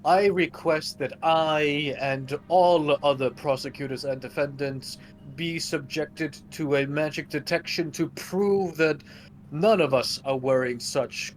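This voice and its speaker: A man taking part as a player in a tabletop role-playing game, formal in character and casual out of it. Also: fairly high pitch.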